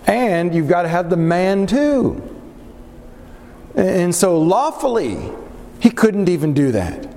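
A man's voice: sits high, very animated, slow, creaky, dark tone, in a large hall, a little hiss or hum. A man leading a Bible study group, teaching earnestly and putting questions to the group.

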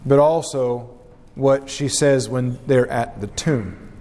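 A man preaching an earnest, measured sermon and reading scripture aloud. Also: medium pitch, mellow, long reverb tail, slight background noise.

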